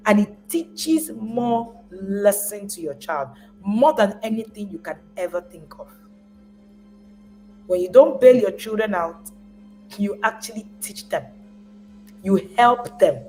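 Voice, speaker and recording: A woman coaching parents in a lively, emphatic talk, her pitch sitting in an ordinary middle range. She hammers her points by repeating phrases and briefly acts out the parents she describes. Faint music plays softly behind her. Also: takes it slowly, long pauses, poor audio. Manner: repeats words when stressing a point.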